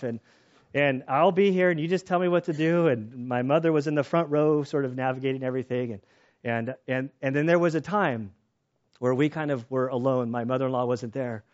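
A man preaching a sermon in a casual, conversational way, telling personal stories and getting animated when excited. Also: mid-range voice, brisk, muffled recording. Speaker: pastor.

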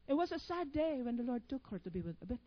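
A woman's voice: high-pitched, very animated, fast, dry recording, lo-fi sound. A woman preaching a sermon. She reads proverbs aloud, then stops to quiz the congregation on the missing words, with playful, teasing asides.

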